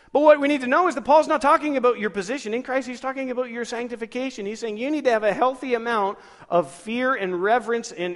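High-voiced man preaching in a reverberant hall. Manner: lively, asks the congregation questions, chuckles. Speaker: pastor. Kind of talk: sermon.

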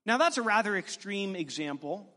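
In a church sanctuary, a male pastor with a high, sharp-toned voice preaches expressively at a moderate pace, swapping jokes with his congregation. A long reverb from the church hall carries his words.

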